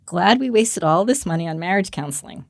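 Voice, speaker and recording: A woman's voice: mid-range voice, gravelly, darkish tone, no echo, studio quality. A woman in her forties, a podcast guest candidly telling a personal story and acting out quoted dialogue with laughs.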